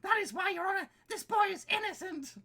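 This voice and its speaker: A man's voice: very high voice, a little fast, gravelly, pushed and bright, voice pushed up, heavily acted. A man voicing an earnest, formal young schoolboy in a game read-along. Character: earnest schoolboy defending a classmate.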